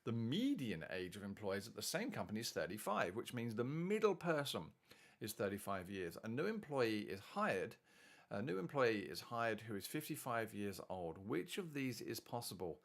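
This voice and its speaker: Male maths tutor, lowish gravelly voice, chatty and animated, talks through each step aloud. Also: normal speed. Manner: chatty, thinks aloud while working problems. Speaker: maths teacher. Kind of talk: worked-solution maths tutorial.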